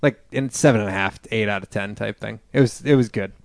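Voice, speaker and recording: A man's voice: on the low side, quick pace, gravelly, dry recording. Laid-back rambling podcast guy. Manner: laughs often, rambling. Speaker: podcast co-host. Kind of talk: casual chat.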